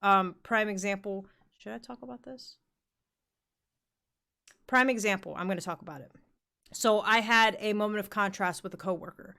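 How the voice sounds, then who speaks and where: A woman's voice: mid-range voice, moderate pace, vocal fry, long pauses, bright, forceful tone, smooth. Young woman podcast host, chatty and frank, loose filler-heavy delivery, mid-range voice. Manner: candid, swears freely, heavy use of "like". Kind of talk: casual chat.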